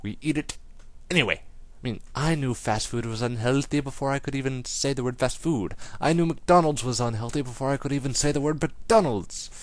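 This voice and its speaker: A man's voice: mid-range voice, fairly quick, no room sound. A teenage man hosting his own webcast, ranting in a silly, jokey way and wandering off on tangents, his voice still not fully recovered. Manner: silly and animated, goes off on tangents. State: partly lost voice, recovering. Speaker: webcast host. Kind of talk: comedic rant vlog.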